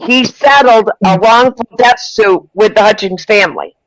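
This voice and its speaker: A man's voice: sits high, normal speed, a bit bright, no room sound, low-quality recording. A man co-hosting a live panel show, speaking bluntly and matter-of-factly in casual chat. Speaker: podcast co-host.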